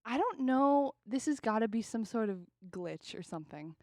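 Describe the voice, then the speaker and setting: Lively, animated young woman co-host. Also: fairly high pitch, normal speed, no room sound, studio quality. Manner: animated storytelling, laughs often. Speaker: podcast co-host. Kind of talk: casual chat.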